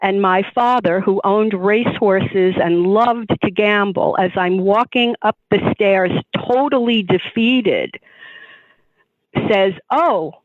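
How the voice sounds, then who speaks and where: A woman's voice: medium pitch, slow, no echo. A woman telling a personal story as an interview guest, acting out the dialogue as she goes. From New York. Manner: animated, acts out quoted dialogue. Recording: dry tinny phone-like line.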